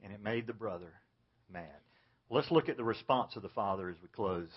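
A pastor preaching an earnest sermon, dropping low and soft to stress his points. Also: normal speed, slightly rough, lo-fi sound.

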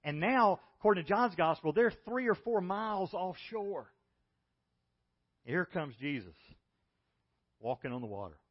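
Guy preaching, high-ish voice, goes loud then real soft, kinda muffled lo-fi audio. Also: big pitch swings, a little slow, long pauses, husky. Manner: storytelling, swings between loud and hushed. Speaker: pastor. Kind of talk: sermon.

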